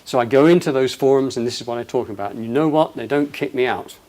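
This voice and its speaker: A man giving a passionate, emphatic talk to an audience, his voice rising loud on quoted lines. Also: mid-range voice, quick pace. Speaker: speaker.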